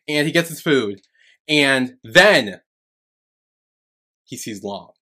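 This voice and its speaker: A man co-hosts a casual podcast over a remote call, each host in a separate home. His voice is mid-range with lively intonation and a sharp tone, and he speaks slowly while spinning a rambling story packed with fillers and swearing.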